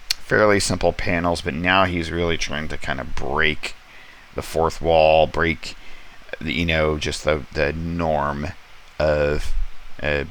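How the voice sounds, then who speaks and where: Very deep, slow, gravelly man. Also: fairly bright tone, slight background noise. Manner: rambling, many ums, quoting characters lightly. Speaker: comics reviewer. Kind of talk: casual comic review, paging through an issue. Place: home studio space.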